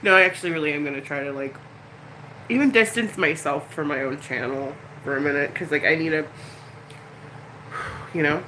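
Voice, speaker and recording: A woman's voice: deep voice, a little fast, pauses often, background noise. A middle-aged woman chatting casually and candidly on a live stream, rambling and emotional. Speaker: YouTuber.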